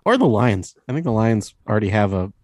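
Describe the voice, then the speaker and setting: A man with a low voice chats on a sports podcast, telling stories in a jokey, offhand way. He sounds dry and close to the mic. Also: big pitch swings, fairly quick, dry recording. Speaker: podcast co-host. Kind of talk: casual sports podcast talk.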